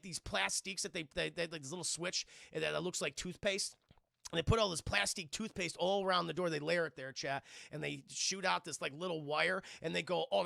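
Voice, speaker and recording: A man giving an animated, profane scene-by-scene film recap to his stream chat, acting out the characters' lines. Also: fairly high pitch, vocal fry, no room sound, clean studio sound.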